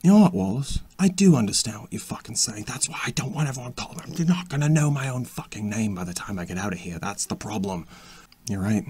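A man's voice: fairly low pitch, lively intonation, a little mellow, husky. A man speaking in character during a role-play, swearing constantly and often stopping to restart his sentences. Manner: halting, with frequent restarts.

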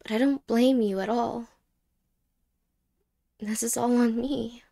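Whispered role-play: a woman plays a wistful, apologetic ex-girlfriend with a fairly high, gravelly voice, halting and soft. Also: fairly even intonation. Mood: tender. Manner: halting, hesitant, soft-spoken with whispered words.

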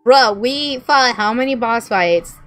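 A woman's voice: a little high, lively intonation, unhurried, faint music behind. A woman in her late twenties giving goofy, rambling commentary while playing a game. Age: late 20s. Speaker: gamer.

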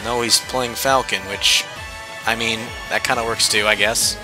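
A young man giving joking, excitable commentary on a video game match, as a gaming YouTuber. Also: lowish voice, normal speed. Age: young adult. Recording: game music and sound behind the voice.

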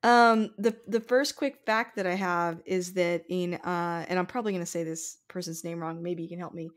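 A woman's voice: fairly low pitch, steady tone, normal speed. A woman co-hosting a casual film podcast, chatty with many fillers, sometimes reading a synopsis aloud. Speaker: podcast co-host.

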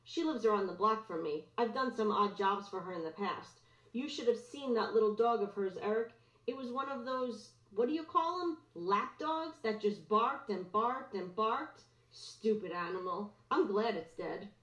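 A woman's voice: mid-range voice, animated, moderate pace, a bit bright, lightly acted. Smug manipulative schoolboy, read by a woman. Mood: sneering. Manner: sneering, falsely sweet. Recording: roomy, dull lo-fi recording.

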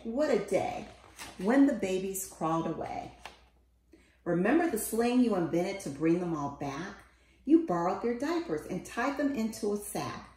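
A woman reading a children's picture book aloud in an expressive, sing-song way, calling out the quoted lines. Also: mid-range voice. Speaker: storybook reader. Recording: roomy, echoey room.

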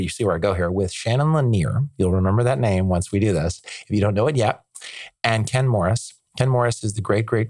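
Fast-talking man rambling with excitement. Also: lowish voice, dry recording. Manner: rambling, enthusiastic, piles up filler words and restarts. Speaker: podcast guest. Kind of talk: casual conversational interview.

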